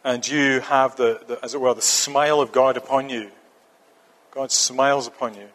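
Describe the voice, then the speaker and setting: A man's voice: medium pitch, steady tone, moderate pace, a bit bright. A man preaching a sermon, earnest and emphatic, often repeating a phrase for stress. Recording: long reverb of a church hall.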